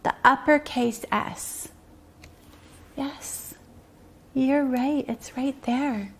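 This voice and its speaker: A woman teaching a preschool circle-time lesson, speaking in a slow sing-song way and stretching out rhymes and syllables. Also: high-pitched, husky.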